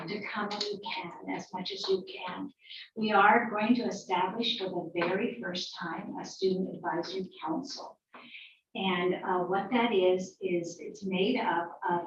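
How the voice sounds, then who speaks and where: A woman's voice: mid-range voice, recorded from a distance, slight background noise. Woman presenting in an echoey room. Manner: warm, repetitive, explanatory with fillers. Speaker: school district superintendent. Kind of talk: presenting at a board workshop. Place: meeting room. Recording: echoey dull room audio from afar.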